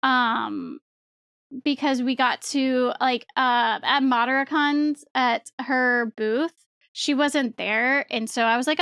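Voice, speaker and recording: A young woman streamer telling a story to her chat in a rambling, excitable way, swearing casually and laughing often. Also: sits high, slow, clean tone, dry recording, clean studio sound.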